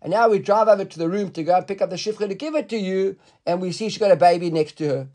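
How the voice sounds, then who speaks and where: High-voiced man teaching a casual Talmud class. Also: quick pace, warm tone. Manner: conversational, repeats words and restarts, asks the class questions.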